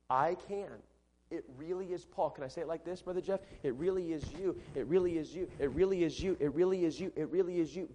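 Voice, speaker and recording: A man preaching a sermon in a large church, emphatic, repeating his phrases and swinging between loud and soft delivery. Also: high voice. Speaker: pastor.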